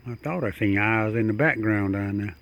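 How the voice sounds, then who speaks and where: A man's voice: on the low side, moderate pace, dull audio. Chuckling man coaxing a raccoon at night. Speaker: backyard wildlife videographer. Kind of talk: casual talk to an animal. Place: outdoors at night.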